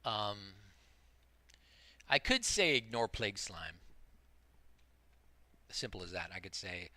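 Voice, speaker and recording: This multiboxing streamer, a middle-aged man, talks slowly in a lowish voice full of big pitch swings and a sharp edge, with no echo on the track. His commentary is casual and meandering, walking through tactics while he plays and ribbing himself along the way.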